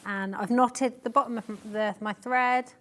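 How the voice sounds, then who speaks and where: A woman's voice: a little high, fairly even intonation, normal speed, fairly bright tone. A woman demonstrating hand sewing on a live TV show, explaining step by step with chatty asides. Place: TV studio.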